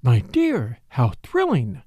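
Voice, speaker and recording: A man voicing a scheming, effusive middle-aged society lady with a high, gushing manner. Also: wildly swooping pitch, takes it slowly, dark tone, no room sound, clean studio sound, full character voice.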